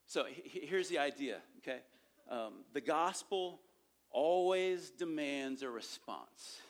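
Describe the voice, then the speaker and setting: A man's voice: fairly high pitch, unhurried. A man preaching a sermon on sharing faith, talking conversationally and checking in with the listeners often. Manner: conversational, repeats points with frequent "okay?" check-ins. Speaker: pastor teaching evangelism.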